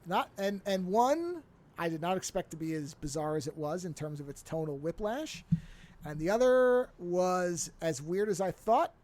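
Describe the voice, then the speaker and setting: A man co-hosting a podcast in casual chat, speaking in a measured way with careful qualifications. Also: high-pitched, expressive, a little mellow. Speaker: podcast co-host.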